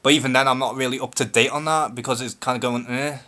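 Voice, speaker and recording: A man's voice: medium pitch, fairly even intonation, fast talker, bright, forceful tone. A man from Liverpool with a Scouse accent, hosting a live-stream Q&A and speaking in a nervous, hesitant, unscripted way. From Liverpool, England. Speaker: YouTube channel host.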